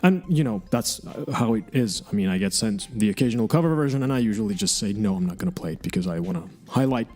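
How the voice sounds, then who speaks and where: A man's voice: lowish voice, lively intonation, fast, hardly any pauses, a little mellow, soft background music. A man hosting an online radio show, chatting casually and rambling between songs, frank and self-mocking and often restarting his sentences.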